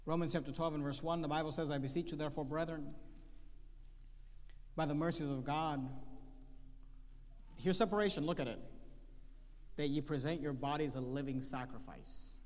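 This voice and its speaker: A man preaching a sermon, emphatic, reading scripture slowly and repeating key phrases. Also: a little high, steady tone. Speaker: pastor. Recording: long hall reverb.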